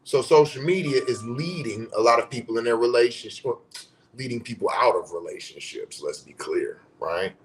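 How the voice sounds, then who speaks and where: A man's voice: medium pitch, expressive, moderate pace, a little hiss or hum. A man in a casual vlog rant, blunt and profane, asking rhetorical questions and repeating his points. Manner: blunt, profane, mocking voices of commenters. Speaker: social media commentator.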